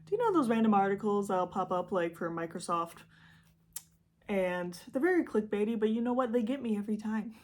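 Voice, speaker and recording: A young woman with a Midwestern Michigan accent, telling a true-crime story in a chatty, rambling, self-deprecating way, with lively jumps in pitch for emphasis. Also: brisk. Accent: Midwestern American, Michigan. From Michigan, USA. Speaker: YouTube host.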